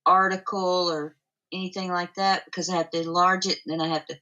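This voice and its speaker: A woman co-hosts a live stream and chats in a plain, matter-of-fact way. Her voice sits a little low. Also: flat delivery, fairly quick, pushed and bright, low-quality recording. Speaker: co-host. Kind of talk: casual chat.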